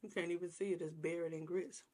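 A woman's voice: fairly low pitch, steady tone, fast talker, mellow, slightly rough. A woman vlogger chatting casually to her viewers while eating a meal on camera, savoring each bite. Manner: chatty, talks while chewing, savoring food. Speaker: mukbang vlogger.

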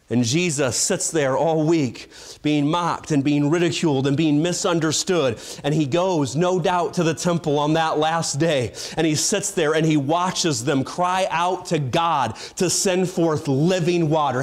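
A man preaching a revival-style sermon in a fairly high voice. He swings between loud, shouted climaxes and hushed, low endings on phrases, with dramatic pacing throughout. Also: measured pace. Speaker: evangelist preaching.

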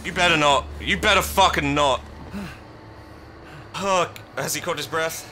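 A man streaming a horror game live, swearing a lot and yelling in panic between muttered asides. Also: on the high side, measured pace, slight background noise. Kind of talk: live horror gameplay commentary. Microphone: streaming mic.

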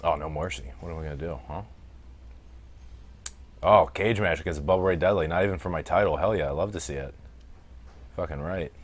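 A deep-voiced American man talks through a wrestling game on his stream in an easygoing, chatty way. He laughs a lot and swears freely as he answers the chat. The recording sounds like a desk mic at a gaming setup. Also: a little fast, pauses often. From United States. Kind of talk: casual let's-play commentary while reading chat.

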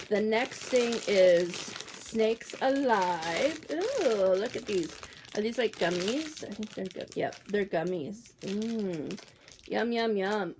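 A woman in her forties, opening a package on a casual vlog, talking excitedly with lots of fillers. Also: mid-range voice, background noise. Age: 40s. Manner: gushing, excitable, trails off with fillers. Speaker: YouTuber opening a mail package.

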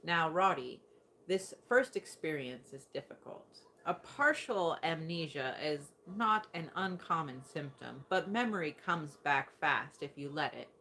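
A woman's voice: low-pitched, lively intonation, measured pace, bright, forceful tone, a little hiss or hum, exaggerated voice. A woman voicing a patient old grandfather who lectures a young man on protocol. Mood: lecturing.

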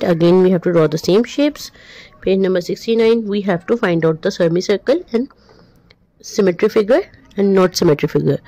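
A woman walks through a children's maths workbook, giving answers in a plain, step-by-step way. Her voice sits a little low and sounds mellow and warm. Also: dry recording, rough recording. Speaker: maths tutor. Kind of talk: workbook walkthrough lesson.

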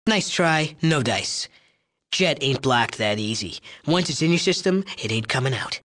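The voice here is mid-range, expressive, unhurried and a bit bright, belonging to an actor portraying a crude, arrogant young male drug chemist in video game dialogue. He boasts, mocks, sneers and curses.

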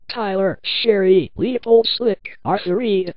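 A woman reads a first-person horror story aloud in a plain, earnest way, at a middling pitch. The recording is muffled and lo-fi, with a dry, close sound and no room around it. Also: normal speed, no room sound. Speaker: narrator.

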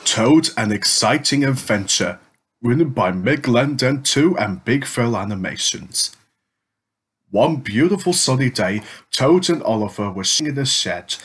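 A man's voice: expressive, a little slow, fairly bright tone, breathy edge. A young man co-narrating an improvised comedy parody in a playful way. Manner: playful, jumps to high squeaky pitches.

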